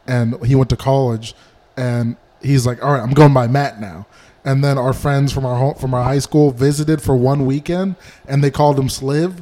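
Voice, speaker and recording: A man's voice: medium pitch, steady tone, mellow. Profane man telling comedy anecdotes. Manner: quick anecdotal storytelling, profane, acts out quotes. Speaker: comedian podcast co-host. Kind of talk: casual chat.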